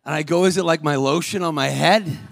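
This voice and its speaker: A man preaching as a guest speaker at a church service, calling out to the congregation and rising to shouts. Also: a little high, a little fast, creaky, no echo. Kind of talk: sermon. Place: church sanctuary.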